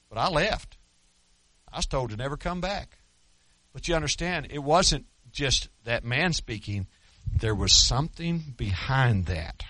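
A man's voice: mid-range voice, animated, unhurried, bright, forceful tone, no room sound. A middle-aged man preaching a sermon as pastor, telling stories earnestly with self-deprecating humor.

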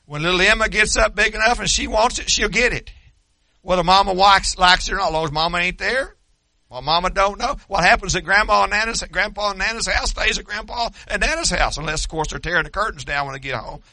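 An older man preaching a sermon as a pastor, folksy and joking, rising to fervor, and strained from yelling until he is losing his voice. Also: high voice, quick pace, no echo.

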